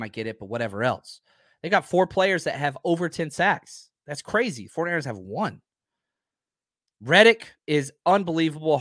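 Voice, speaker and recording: A man with a fairly high voice runs a live sports talk stream, ranting and swearing as he jumps between thoughts. The sound is dry and close. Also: dry recording. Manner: animated, ranting, swearing, self-interrupting. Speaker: sports talk show host.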